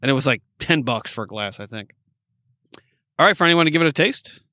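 A man's voice: mid-range voice, lively intonation, fairly quick, bright, forceful tone, no room sound, studio quality. A man co-hosting a casual whiskey tasting, wry and joking, with blunt asides and mild swearing.

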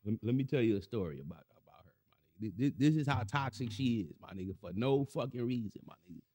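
Animated slangy man telling a story. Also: mid-range voice, fast, slightly rough. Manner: animated, slangy, repeats "my nigga" and "you feel me". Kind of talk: casual storytelling chat. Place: Los Angeles.

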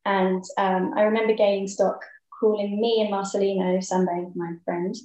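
A young woman, a ballet dancer, talking thoughtfully in a casual interview with many pauses and ums. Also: mid-range voice, flat delivery, mellow. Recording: echoey room.

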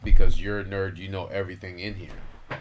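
A man's voice: deep voice, level tone, normal speed, noisy background. A man co-hosting a podcast, chatting casually and joking with his friend. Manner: laid-back, joking banter. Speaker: podcast co-host. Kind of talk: casual chat.

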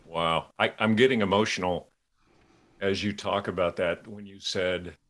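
Earnest low-voiced man in casual chat. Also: fairly even intonation, normal speed, fairly bright tone. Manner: earnest, rambling, restarts often, laughs easily. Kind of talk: casual faith conversation.

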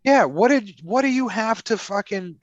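A man's voice: sits high, animated, moderate pace, no room sound, lo-fi sound. A man in casual podcast chat, ranting heatedly and swearing often as he picks apart a film. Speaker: podcast co-host.

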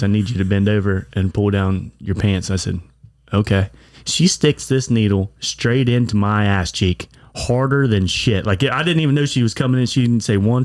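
Man, low voice, dry sound, crude and blunt, casual podcast storytelling. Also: a little mellow, no echo. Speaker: podcast co-host. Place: bar.

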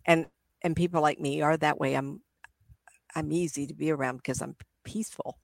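A woman's voice: sits low, fairly even intonation, a little fast, gravelly, no room sound. A middle-aged woman, a psychic medium, chatting in an interview and acting out spirits with gasps and laughs. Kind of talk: casual interview talk.

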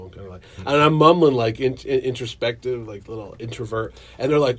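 A man's voice: fast talker, few pauses, husky. A man who runs a comic convention, chatting casually and acting out quotes from his stories. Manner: animated storyteller, acts out quotes in a higher excited voice. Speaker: convention promoter. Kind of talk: casual chat.

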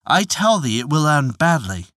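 A man's voice: on the high side, very animated, moderate pace, fairly bright tone, no echo, clean studio sound. A man doing a worried old peasant father. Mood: earnest. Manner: plain, earnest, old-fashioned speech.

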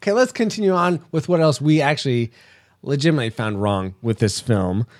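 A man's voice: medium pitch, lively intonation, brisk, no echo, clean studio sound. A man hosting a casual movie review podcast, easygoing as he steers the talk. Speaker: podcast host.

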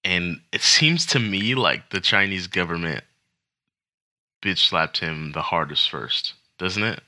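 A man's voice: low-pitched, animated, slow pace, pushed and bright. A man co-hosting a casual crypto news podcast, joking and rambling with self-conscious asides. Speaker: podcast co-host.

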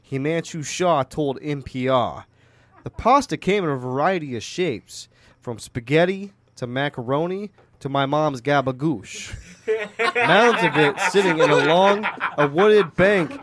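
A man's voice: a little high, no echo, lightly acted. A man putting on an Italian-American mob boss accent to read a news story as a joke. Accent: put-on New Jersey Italian-American. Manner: gruff, profane, gestures with his hands. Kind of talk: comic impression reading a news story.

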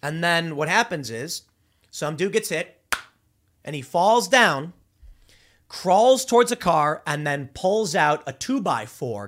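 Animated man rambling through commentary. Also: fairly high pitch. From Chicago, USA. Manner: animated and rambling, with frequent restarts and repeated words. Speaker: political commentary host. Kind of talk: unscripted political monologue.

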